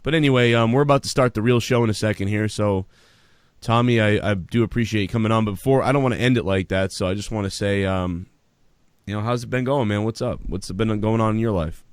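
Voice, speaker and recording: A man's voice: lowish voice, fast, clear, resonant tone, dry recording, studio quality. A man hosting a call-in show, joking around with callers and laughing a lot. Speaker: host. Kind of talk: casual call-in show banter.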